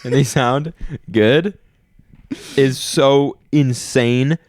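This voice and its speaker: A man's voice: medium pitch, drawn-out words, darkish tone. A young man co-hosting a podcast, rambling in casual chat and trailing off mid-sentence. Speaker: podcast co-host.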